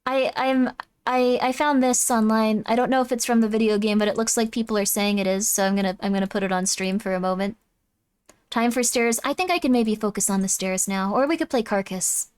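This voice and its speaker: A woman's voice: on the high side, fairly even intonation, a little fast, clear, resonant tone. A woman streamer chatting casually while playing, gushing and rambling with lots of apologies. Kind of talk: casual live-stream chat. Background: game music.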